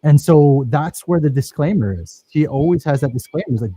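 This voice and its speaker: A man's voice: fairly high pitch, lively intonation, brisk, hardly any pauses, dark tone, slightly rough, no room sound, low-quality recording. A man teaching a filmmaking workshop, talking casually and enthusiastically over his own footage and praising his students.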